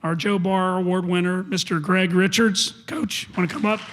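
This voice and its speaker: Guy with a high voice reading out an award intro, formal announcer style. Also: steady tone, normal speed, noisy background. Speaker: awards presenter.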